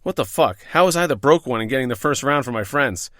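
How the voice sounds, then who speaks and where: A man with a mid-range voice and lively intonation talks fast, sounding a bit bright, as he reads his own bartending stories for his podcast in scripted first person. The tone is wry, profane and self-deprecating; the sound is clean studio audio with no room sound.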